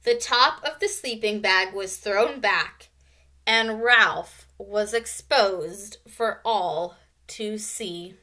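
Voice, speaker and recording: Slow, bright-voiced woman teacher reading aloud. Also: mid-range voice. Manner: slow, expressive storytelling. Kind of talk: read-aloud narration.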